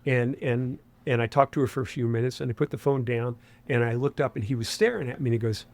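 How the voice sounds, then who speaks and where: He's a fast talker with few pauses and a mid-range, slightly mellow voice. In his sixties and from Huntington, West Virginia, this interview guest has a faint Appalachian accent and rambles conversationally, restarting phrases and relying on fillers.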